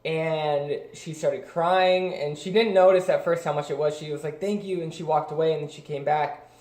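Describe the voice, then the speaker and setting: A young man tells a personal story in a loose, rambling way, full of "like" and "um" and restarts. His voice sits a little high for a man. The room around him is echoey. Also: level tone, moderate pace, darkish tone. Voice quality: rambling, many fillers and restarts. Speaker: vlogger. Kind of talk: casual storytelling.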